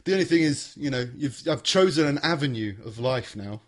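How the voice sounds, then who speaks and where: A man's voice: medium pitch, expressive, a little fast. Rambling, laughing man. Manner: laughing, rambling, swears freely. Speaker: podcast host. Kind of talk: casual chat.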